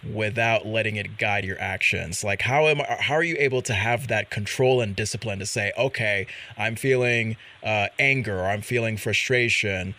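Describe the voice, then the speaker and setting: Bright-voiced male host, thoughtful. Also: lowish voice, moderate pace, few pauses. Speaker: show host. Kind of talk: casual interview chat.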